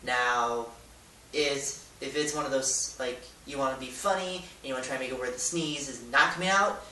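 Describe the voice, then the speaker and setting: A man's voice: mid-range voice, normal speed. Goofy man, echoey and distant. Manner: goofy, rambling, loud demonstrations. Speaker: YouTuber. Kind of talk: casual how-to vlog. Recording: echoey room, distant mic, hiss.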